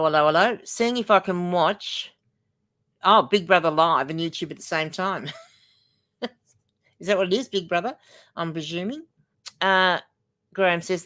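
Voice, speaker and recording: A grandmotherly older woman chats loosely through a livestream, her voice sitting a little low. She rambles from one thought to the next and reads viewer comments aloud as she goes. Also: fairly bright tone. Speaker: livestream host. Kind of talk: casual livestream chat.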